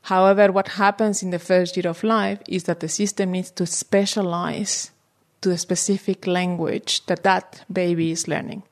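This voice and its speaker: A woman's voice: on the low side, level tone, normal speed. A woman researcher patiently explaining language development step by step in an interview.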